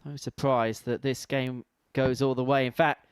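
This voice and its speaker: A man's voice: medium pitch, level tone, moderate pace, slight background noise. A man commentating on a darts match with wry, conversational play-by-play. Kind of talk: sports commentary.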